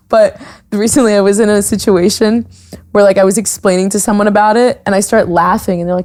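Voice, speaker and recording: A woman's voice: mid-range voice, fairly even intonation, brisk, darkish tone. A young woman hosting a podcast, chatting casually and bluntly, laughing often and acting out quoted exchanges. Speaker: podcast host. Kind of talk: casual chat.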